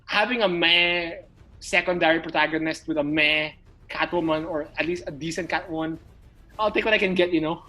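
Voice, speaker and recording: A man's voice: a little high, steady tone, a little fast, bright, forceful tone, soft background music, low-quality recording. A man co-hosting a podcast in casual chat, rambling with stammered restarts and swearing for emphasis. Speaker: podcast co-host.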